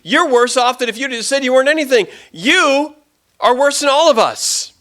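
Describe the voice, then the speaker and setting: A man's voice: mid-range voice, expressive, sharp tone, heavily acted. A man playing a remorseful thief on a cross. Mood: mocking. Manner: sneering at first, then pleading and halting.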